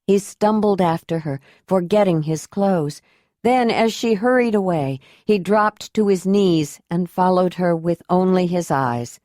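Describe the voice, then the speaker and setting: A woman reading an audiobook in an even, measured narration voice. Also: on the low side, no room sound, clean studio sound. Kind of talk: scripted narration.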